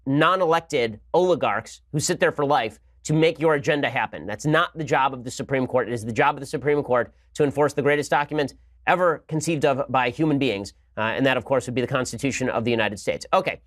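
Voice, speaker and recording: A man's voice: medium pitch, fairly bright tone, dry recording, studio quality. A man hosting a show, delivering a sarcastic political commentary monologue. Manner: rapid-fire, sarcastic. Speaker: host.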